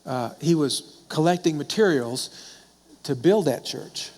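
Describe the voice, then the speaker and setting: A man's voice: on the high side, expressive, slow, a little mellow. A middle-aged man, a pastor, preaching a sermon in a conversational storytelling way, asking questions and answering them himself. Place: church sanctuary. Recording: long hall reverb.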